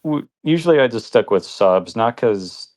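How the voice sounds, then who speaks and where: A man's voice: mid-range voice, expressive, moderate pace, darkish tone. A young man co-hosting a podcast, reviewing an anime in casual chat, rambling and laughing often. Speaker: podcast co-host.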